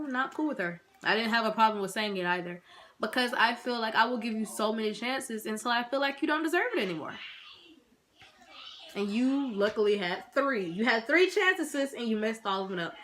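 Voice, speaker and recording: Bright-voiced young woman telling a story. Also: on the high side, a little hiss or hum. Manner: animated, slangy storytelling. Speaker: vlogger. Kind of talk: story time vlog.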